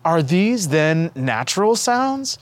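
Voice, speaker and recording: A humble old priest, hushed with wonder and full of questions, as a man reads him in a spoken storybook. His voice climbs high and lively as he asks, timid and amazed. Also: takes it slowly, no echo. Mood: awed.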